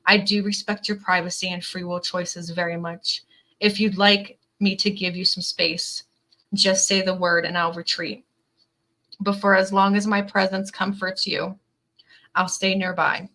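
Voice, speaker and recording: A woman's voice: lowish voice, little pitch movement, moderate pace, sharp tone, rough recording. A woman giving an earnest, emotional tarot reading to camera, reading card messages aloud and filling her talk with "definitely" and "like". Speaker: tarot reader.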